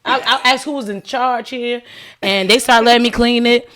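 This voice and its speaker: A woman's voice: on the high side, normal speed. A woman guest on a casual podcast, telling her story with animation, acting out what people said and using lots of "like". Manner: animated, acts out quoted dialogue, frequent "like". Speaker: podcast guest, cleaning business owner.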